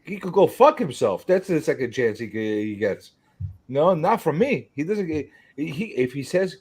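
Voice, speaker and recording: A man's voice: fairly high pitch, big pitch swings, moderate pace, darkish tone, slightly rough. Profane, heated man telling a story. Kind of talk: casual chat.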